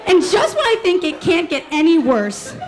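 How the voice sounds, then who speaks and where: A woman's voice: very high voice, huge pitch swings, normal speed. A woman telling a candid, rambling personal story on stage, laughing through her punchlines. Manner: candid, rambling, full of "like" and "you know". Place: storytelling stage before a live audience. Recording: live stage mic with audience noise. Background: audience laughter.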